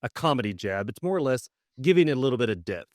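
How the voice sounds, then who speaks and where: A man's voice: mid-range voice, animated, quick pace, no room sound, studio quality. A man co-hosting a podcast who plays a mock therapist in casual comedic chat. He is playful and often repeats himself. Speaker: podcast co-host.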